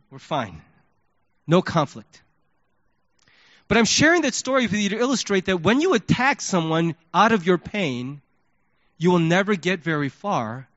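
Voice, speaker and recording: A male pastor preaching a sermon, telling a story in an animated way and acting out his own reactions. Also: sits high, no echo, muffled recording.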